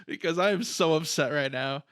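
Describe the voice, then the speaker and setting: A man's voice: a little high, a little fast, a bit bright, smooth, no room sound, studio quality. A man co-hosting a horror podcast, talking casually about a film with many restarts and fillers. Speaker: podcast co-host.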